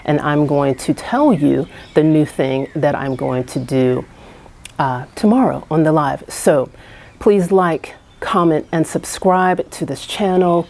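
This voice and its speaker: A woman with a low voice talks to her camera in a casual, earnest vlog. She encourages her viewers warmly, restarting her sentences and adding fillers as she goes. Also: vocal fry. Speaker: vlogger. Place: house she is house sitting.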